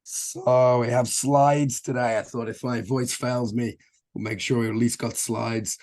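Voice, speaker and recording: Hoarse man on a video call. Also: mid-range voice, level tone, measured pace, darkish tone. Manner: jokey, self-deprecating, informal. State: hoarse, voice nearly gone. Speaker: trainer. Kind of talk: online training talk.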